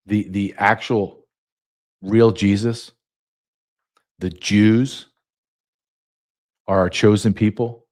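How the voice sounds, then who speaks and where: A man's voice: on the low side, steady tone, drawn-out words, long pauses, darkish tone. A male podcast host delivering a sarcastic solo monologue, full of mocking asides.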